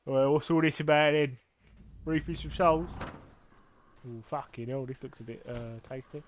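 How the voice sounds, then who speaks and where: A man voicing a gruff male crow boss with a put-on Cockney accent, reading game dialogue aloud, blunt and chummy. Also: medium pitch, fairly even intonation, normal speed, slight background noise, natural voice. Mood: brash.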